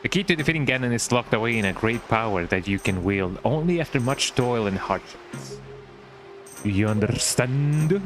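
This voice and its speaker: A man's voice: mid-range voice, lively intonation, normal speed, over music, lightly acted, poor audio. A man voicing a wise old talking boat who guides the hero, in a grave, stately way. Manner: grave, stately storybook delivery.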